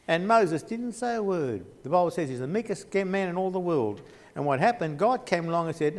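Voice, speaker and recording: A man's voice: high voice, lively intonation, brisk, big-room sound. A man teaching a Bible geography class at a church, rambling with frequent restarts as he points at a map. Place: church hall.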